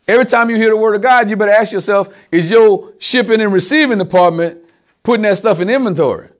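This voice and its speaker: Speaking to a small group, a man preaches an informal, conversational sermon, animated and addressing listeners directly with everyday examples. His voice sits high and his pace is brisk.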